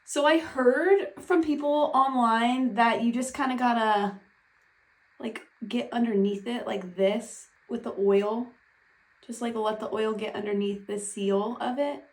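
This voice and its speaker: A woman's voice: on the high side, steady tone, a little slow. A woman vlogging at home in casual chat, nervous and rambling as she talks herself through a task. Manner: nervous, rambling, self-talk with nervous laughs. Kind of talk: casual vlog talk. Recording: echoey room, voice from a distance.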